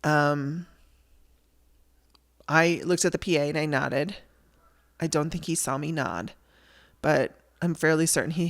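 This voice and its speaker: Speaking in a deep voice with vocal fry, a woman shares a personal story on her podcast. Her delivery is candid and conversational, marked by restarts and blunt wording.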